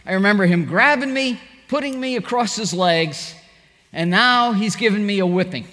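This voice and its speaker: A man's voice: high voice, lively intonation, normal speed, sharp tone, in a large hall. A middle-aged man preaching a sermon, telling stories animatedly and acting out the quoted voices. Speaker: pastor.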